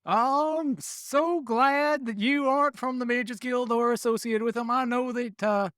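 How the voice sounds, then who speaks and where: A man's voice: a little high, unhurried, vocal fry, no echo, clean studio sound. A man voicing a male druid adventurer who talks in a folksy country drawl, in a tabletop role-play. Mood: folksy friendly. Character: cagey male druid adventurer, prickly then friendly.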